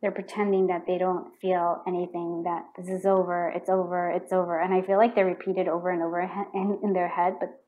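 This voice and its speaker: A woman's voice: on the low side, brisk, few pauses, narrow, tinny audio. A woman giving a pick-a-card tarot reading, talking in a loose, rambling way full of fillers and restarts, muttering questions to herself as she draws cards and perking up when a card fits. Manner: murmurs repeated questions while drawing cards; excitable, bursts out when a card confirms her read.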